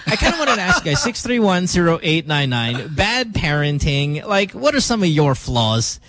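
A man's voice: fairly high pitch, big pitch swings, normal speed, fairly bright tone. A man in his thirties hosting a radio morning show from the studio, rambling casually and laughing at himself. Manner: rambling and self-mocking, chuckles often. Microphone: studio microphone.

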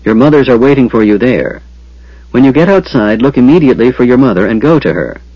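A man's voice: medium pitch, animated, a little fast, no echo, lightly acted. Brief: stern honorable knight, read by a male narrator, firm and formal, muffled lo-fi sound. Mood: commanding.

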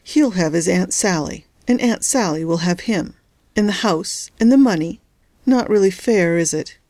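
A woman voicing a bitter, frightened wife in an audiobook, close to her own low voice. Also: lively intonation, normal speed, a little mellow, dry recording, lightly acted. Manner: bitter, resentful. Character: bitter, frightened young wife at a hospital bedside. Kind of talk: audiobook character voice.

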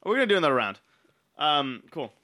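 Animated joking male podcast host. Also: on the high side, a little fast, no room sound, studio quality. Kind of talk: casual chat, running a party game.

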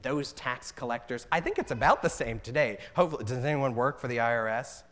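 An earnest man preaching from the pulpit in a mid-pitched voice. He reads scripture slowly and with weight. He explains plainly between readings. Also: lively intonation, a bit bright. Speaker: pastor. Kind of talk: sermon.

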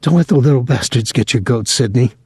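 A man's voice: medium pitch, a little fast, darkish tone, husky, no echo, clean studio sound, voice pushed up. A man voicing a young woman who is curt and dismissive.

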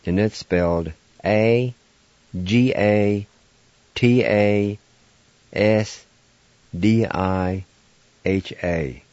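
A man's voice: lowish voice, drawn-out words, pauses often, darkish tone, no echo. A man hosting a radio language lesson, spelling out words letter by letter and repeating each syllable methodically. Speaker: radio host teaching language vocabulary. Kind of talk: slow, patient spelling and pronunciation drill. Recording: dull lo-fi radio recording.

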